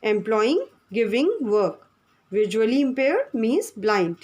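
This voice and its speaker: Lady teacher, fairly high voice, spells out each word slowly for kids. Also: very animated, darkish tone. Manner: spells words out letter by letter, slow and explanatory. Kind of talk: online class lesson.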